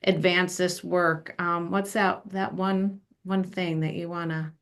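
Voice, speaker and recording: A woman hosts an interview podcast in a gentle, affirming way, her voice sitting a little lower than most women's. She leaves room for her guest and answers him with soft, frequent agreement. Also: level tone, a little slow. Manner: gentle, affirming, many short backchannels. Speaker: podcast host. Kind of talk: conversational interview.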